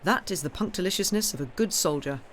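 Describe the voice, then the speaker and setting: A woman voicing a grand, worldly male count in an audiobook reading, speaking in a measured, reassuring way. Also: fairly low pitch, lively intonation, slight background noise, pitched above the performer's own voice, lightly acted. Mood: assured.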